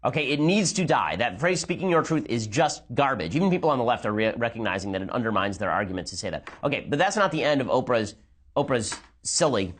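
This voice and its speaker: A man giving rapid, sarcastic commentary as he reacts to a speech and argues his point. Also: mid-range voice, big pitch swings. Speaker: political commentator.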